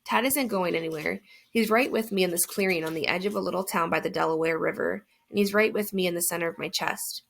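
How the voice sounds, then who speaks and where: A woman narrates an audiobook in the first person, earnest and reflective. Her voice sits low with a gravelly fry. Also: quick pace, few pauses.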